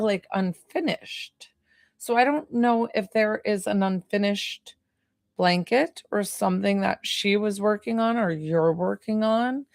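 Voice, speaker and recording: A tired woman rambles through a live psychic reading, full of little fillers and trailing thoughts. Her voice has a gravelly fry to it, and the sound is close and dry with no room around it. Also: medium pitch, no echo. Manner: chatty, rambling, hesitant with fillers. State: tired, yawning. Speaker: psychic medium. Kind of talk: live-stream medium reading.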